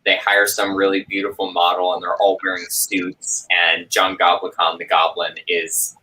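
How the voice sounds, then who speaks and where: Deep husky man chatting with enthusiasm. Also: moderate pace, rough recording. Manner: relaxed, enthusiastic, with frequent "uh" fillers. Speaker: host of a watch-along chat. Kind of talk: casual group chat on a video call.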